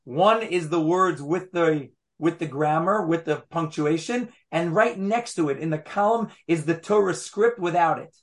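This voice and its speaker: A man's voice: on the high side, moderate pace, hardly any pauses. A man teaching a Torah class, explaining patiently and repeating phrases as he makes each point.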